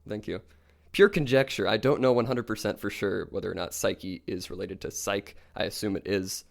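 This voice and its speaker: A young man co-hosting a podcast, calmly retelling myths in a casual storytelling style. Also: lowish voice, normal speed, creaky. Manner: calm, even retelling of myths. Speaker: podcast co-host.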